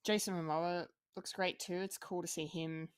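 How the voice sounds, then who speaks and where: A woman's voice: lowish voice, fairly even intonation, moderate pace, clear, resonant tone, no echo, studio quality. A woman co-hosting a podcast, chatting casually with frequent ums and restarts. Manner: hesitant, many ums and restarts. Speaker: podcast co-host.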